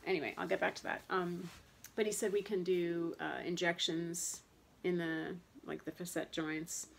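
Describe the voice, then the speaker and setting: A vlogger in her thirties talks about chronic pain in a low, gravelly voice, rambling casually with lots of fillers and restarts. She's candid and frustrated, circling back to the same point, though her delivery is flat at normal speed, with a bit of hiss or hum behind her.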